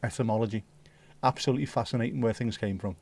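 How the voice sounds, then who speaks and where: Reading from the live chat, this male streamer banters with viewers and swears in a relaxed, conversational way. His voice sits in the mid-range, a little mellow, and moves at a normal speed.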